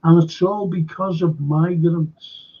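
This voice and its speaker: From Liverpool, a local historian speaks slowly in a warm, slightly rough voice that sits on the high side and stays steady in tone. His Scouse-accented, casual storytelling wanders, with many fillers and restarts, and the recording is dull and low-fidelity.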